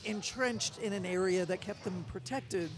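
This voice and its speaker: A woman co-hosting a relaxed chat, tossing in quick playful asides. Her delivery is loose and conversational, with faint music somewhere behind. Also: medium pitch. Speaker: podcast co-host. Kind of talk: casual chat.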